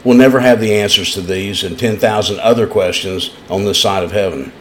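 A man's voice: fairly low pitch, a little fast, a little hiss or hum. A man preaching a sermon in an East Tennessee accent, telling folksy stories in an earnest way. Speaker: pastor.

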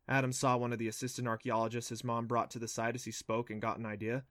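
A man narrating a children's adventure novel in a steady, even storytelling way. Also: mid-range voice, fast talker, few pauses, dry recording, clean studio sound. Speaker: audiobook narrator. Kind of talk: scripted narration.

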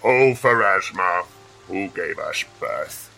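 Man playing a funeral priest, very deep voice, bright forceful tone, formal prayer cadence. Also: expressive, creaky, faint music behind, full character voice, low-quality recording. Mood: solemn. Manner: slow, formal liturgical delivery. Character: solemn male priest leading a funeral. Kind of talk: tabletop game character voice.

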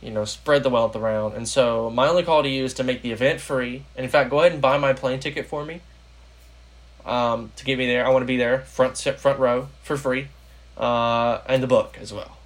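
A young American man hosting a casual political podcast, rambling with lots of fillers. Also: medium pitch. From United States. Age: young adult. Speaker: podcast host.

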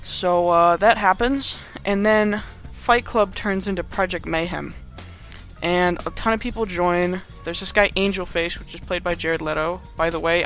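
A man's voice: sits high, sharp tone. A young man giving a casual, rambling movie recap in slangy speech full of fillers. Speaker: video host.

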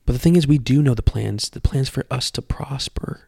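Earnest young male podcaster, gravelly, dry close sound, halting testimony. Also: medium pitch, darkish tone, dry recording. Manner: earnest, halting, repeats words. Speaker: podcast host. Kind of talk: personal testimony.

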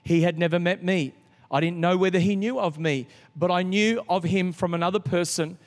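A middle-aged man preaching a sermon as a pastor, telling a story with lively restarts. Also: sits high, moderate pace. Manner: storytelling, animated, with frequent restarts. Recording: long reverb of a large hall.

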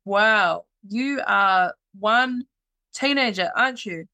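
A young woman hosts a relaxed podcast chat. She sounds bubbly and playful, teases her guest, and laughs easily. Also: mid-range voice, slow pace. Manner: bubbly, teasing, laughs often. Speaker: podcast host. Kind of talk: casual interview chat.

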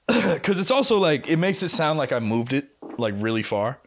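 A man's voice: on the high side, normal speed, slight background noise. A young man co-hosting a podcast, casually telling a long work story, swearing often and acting out both sides of quoted arguments. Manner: profane, animated, acts out quoted exchanges. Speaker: podcast co-host.

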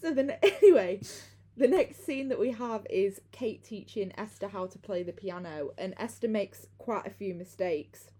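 A woman's voice: mid-range voice, animated, moderate pace, warm tone, husky. A young woman hosting a podcast, recapping a film in a chatty way and laughing easily. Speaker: podcast host. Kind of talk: casual film recap chat.

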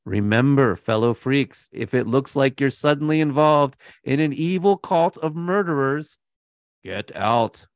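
A man's voice: medium pitch, lively intonation, measured pace, dry recording, clean studio sound. A man co-hosting a true crime podcast, telling the story in a laid-back, casual way and laughing now and then. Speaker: podcast co-host.

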